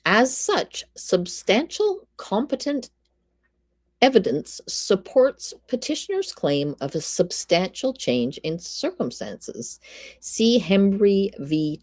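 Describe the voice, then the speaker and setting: A woman with a low voice reads a court ruling aloud on her live stream. She breaks off to greet chat and drop dry asides, and the mic sounds dry and close. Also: a little mellow, dry recording.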